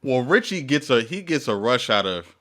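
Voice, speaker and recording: A man's voice: mid-range voice, sing-song, moderate pace, a bit bright. A man co-hosting a casual movie review chat, talking it through in a thoughtful, analytical way.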